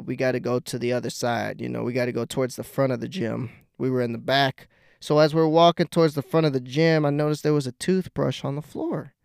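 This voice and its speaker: Profane, rambling young man, crisp and dry. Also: medium pitch, a little mellow, dry recording. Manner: profane, rambling, laughs at his own jokes. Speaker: podcast host. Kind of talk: casual storytelling monologue.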